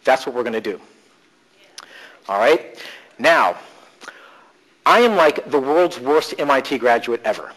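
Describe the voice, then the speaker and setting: A man presenting at a conference, telling animated, joking stories in a humorous live talk. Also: medium pitch, measured pace, pauses often, low-quality recording. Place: conference session room.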